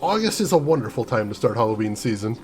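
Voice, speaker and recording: A young American man streams a game, talking fast and very animatedly in a medium-pitched, slightly mellow voice, with faint music behind. He chats casually and playfully mock-rants at his chat.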